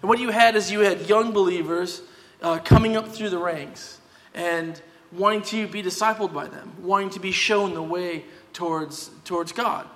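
A man delivers a sermon with a slightly higher voice than most men. He talks in a conversational but emphatic way and drives his points home. The sound rings with a long reverb, as in a large hall. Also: moderate pace, hardly any pauses, fairly bright tone. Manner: conversational, emphatic, tag questions. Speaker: pastor.

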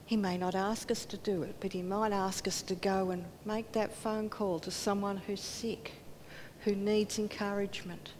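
A woman's voice: level tone, moderate pace, darkish tone. A woman giving a sermon in earnest tones, acting out quoted voices and dropping to near whispers. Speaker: preacher. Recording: hall reverb, faint rumble.

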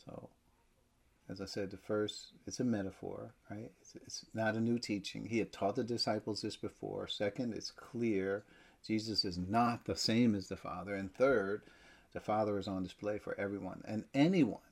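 A man preaching a sermon, emphatic, with loud stresses that drop to near-whispers. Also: on the low side, steady tone, moderate pace, creaky.

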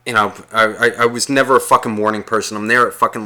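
A man with a bright, forceful voice tells a rambling story in casual chat. He swears constantly and slips into the voices of the people he quotes. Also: on the low side, flat delivery, fast, hardly any pauses, smooth. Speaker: guest telling a story.

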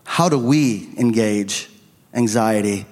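A man's voice: lowish voice, slow pace, a little mellow. A middle-aged man preaching a sermon as a pastor, telling a personal story in an earnest, confessional way, on a handheld microphone. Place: church sanctuary. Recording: long reverb of a church hall.

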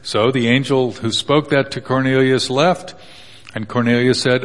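A man preaching a sermon, loose and joking as he walks through a Bible passage and slips into quick character voices. His voice sits at an ordinary middle pitch. It rings out with a long reverb, as in a big hall. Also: fairly even intonation. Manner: joking, conversational Bible teaching with acted quotes.

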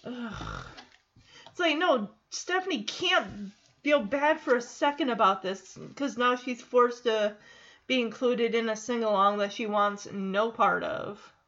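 Woman, high voice, sarcastic recap talk, dull lo-fi audio. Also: very animated, measured pace, a bit bright. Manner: sarcastic, laughs often, reads out lines. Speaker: episode recapper. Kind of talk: casual recap commentary.

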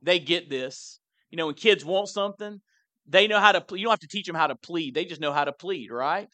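A man's voice: high-pitched, sharp tone, no echo. A man pastor preaching a sermon in a conversational way, often repeating words as he stresses a point.

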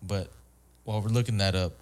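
A man's voice: lowish voice, steady tone, fairly quick, a little mellow. A man from Guam hosting a podcast, chatting in a rambling, hesitant way full of fillers and casual swearing. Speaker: podcast host.

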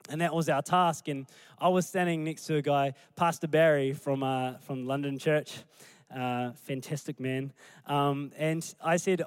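A man, a pastor preaching a sermon through animated storytelling. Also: a little high, unhurried, clean tone, no echo. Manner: animated storytelling, acting out scenes.

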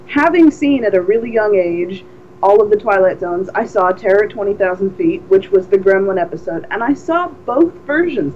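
Her mid-range voice carries energetic, often-restarted stories as she co-hosts a casual podcast conversation. The lo-fi recording sounds dull, with a little hiss or hum.

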